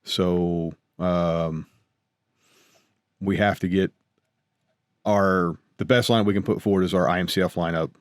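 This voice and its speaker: An American man hosting a casual podcast, working through his plans in a measured way with plenty of fillers. His voice sits low. The sound is dry and close. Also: steady tone, no echo. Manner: measured, filler-heavy planning talk. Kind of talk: casual chat.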